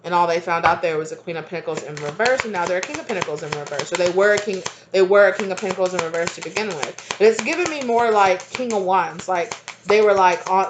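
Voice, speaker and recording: A woman with a medium-pitched voice gives a casual tarot reading, rambling, repeating herself, and using lots of fillers. She laughs easily and keeps slipping in chatty asides, with noise in the background.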